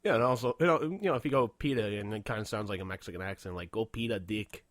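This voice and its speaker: A man's voice: fairly low pitch, animated, racing, fairly bright tone, no echo. A man co-hosting a podcast in casual, profane chat, rambling and laughing often. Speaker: podcast co-host.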